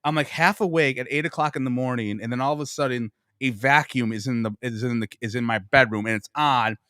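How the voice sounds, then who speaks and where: A man's voice: mid-range voice, a little fast, sharp tone, clear, resonant tone, dry recording, clean studio sound. A man in his forties from Buffalo, guest on a sports talk podcast, telling long profane stories with self-mocking humor. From Buffalo, New York. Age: 40s. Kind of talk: casual sports chat.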